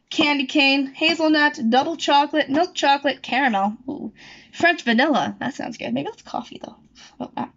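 A woman's voice: high-pitched, creaky, fairly bright tone. Young woman talking at home, rambles a lot, fixes her words, kinda muffled sound. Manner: rambling, chatty, self-correcting. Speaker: YouTuber. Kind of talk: casual chat. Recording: dull lo-fi recording.

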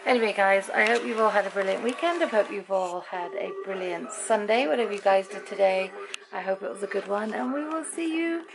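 Talking openly to viewers at home for her daily vlog, this middle-aged British woman sounds expressive and fairly quick, with a creaky, medium-pitched voice. Background noise is audible.

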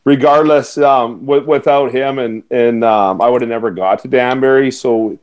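Man, guest storyteller, even mid pitch, chuckles through his anecdotes. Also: normal speed. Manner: laughs through anecdotes, acts out quotes. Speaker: guest, former hockey player. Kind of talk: casual storytelling.

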